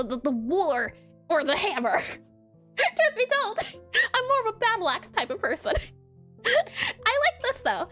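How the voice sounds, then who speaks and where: A woman's voice: very high voice, fairly bright tone. A woman streaming herself drawing pixel art, chatting casually and giggling as she works and answers her chat. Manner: chatty, giggly, reads chat aloud and banters. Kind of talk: casual livestream commentary while drawing.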